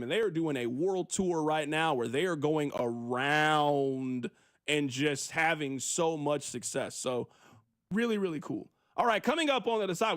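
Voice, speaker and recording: Man, sports radio host, high voice, lively swings in pitch, casual storytelling. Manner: animated, storytelling.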